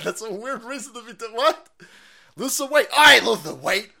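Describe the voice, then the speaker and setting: A man hosting a political stream, ranting loudly and sarcastically with lots of swearing and mocking voices. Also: very high voice, big pitch swings, moderate pace, gravelly. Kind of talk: profane ranting commentary.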